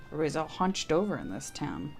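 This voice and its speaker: A woman's voice: sits low, sing-song, fast talker, vocal fry, loud music behind the voice. A woman co-hosting a casual let's-play, offering sarcastic, joking commentary. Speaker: co-host of a gaming channel.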